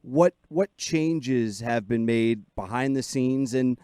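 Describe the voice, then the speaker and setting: A man's voice: medium pitch, slow, dark tone, smooth, no room sound, clean studio sound. A man co-hosting a sports radio show, asking questions in an enthusiastic, conversational way. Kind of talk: casual radio interview.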